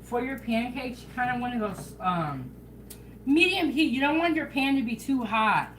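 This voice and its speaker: A woman hosting a casual home cooking vlog, chatting in a relaxed way and talking straight to her viewers. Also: a little high, normal speed, slight background noise, poor audio. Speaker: home cooking show host. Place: home kitchen.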